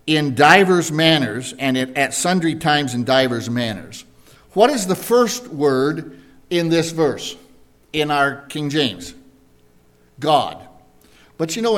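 A man preaching a verse-by-verse Bible lesson, slowly and deliberately, asking his listeners questions as he goes. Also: on the high side, a bit bright. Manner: slow, deliberate, asks the congregation questions. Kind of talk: Bible teaching sermon.

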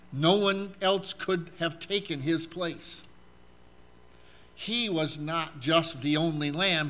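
Preaching with a slightly high, sharp-toned voice, a man reads aloud from scripture and questions his congregation. Fillers crop up often, making his delivery halting.

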